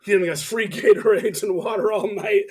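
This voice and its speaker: A man with a notably high speaking voice, chatting casually on a podcast. He tells a story in an animated, profane way and slips into quoted voices as he goes. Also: a little fast, breathy edge. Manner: animated, swearing, acts out quotes. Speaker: podcast co-host, bass player.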